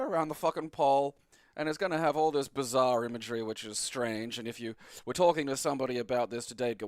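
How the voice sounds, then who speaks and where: A man's voice: mid-range voice, fast talker, clear, resonant tone, no room sound. Sweary Australian man, dry close sound. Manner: sweary, sarcastic, rambling. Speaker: retro game reviewer. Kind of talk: rambling gameplay commentary.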